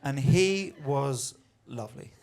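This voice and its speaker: A man's voice: mid-range voice, animated, slow, vocal fry, crowd noise. A young man performing a stand-up comedy set, telling a story and acting out the voices of the people in it. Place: comedy venue on stage.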